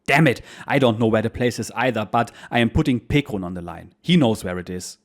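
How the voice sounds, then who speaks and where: A man's voice: fairly low pitch, brisk, close to an everyday voice. A man voicing a short-tempered male wing commander who barks at his officers in a yapping voice. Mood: exasperated. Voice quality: yapping, gruff.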